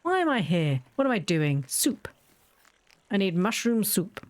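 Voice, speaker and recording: A woman's voice: medium pitch, sing-song, measured pace, a little mellow, dry recording. A young woman giving casual, rambling, self-deprecating commentary as she plays a video game. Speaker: let's play host. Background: faint game music.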